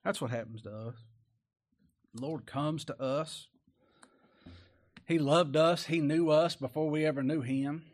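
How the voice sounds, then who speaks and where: A man's voice: unhurried, long pauses. Emphatic man preaching a sermon. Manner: plain-spoken, rising to loud emphatic peaks then dropping low; reads old-style scripture verses aloud.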